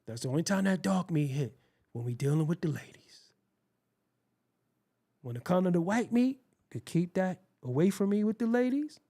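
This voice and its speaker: A man hosting his own show, telling a rambling, profane story in a casual, animated way. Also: sits high, normal speed, pauses often. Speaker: host.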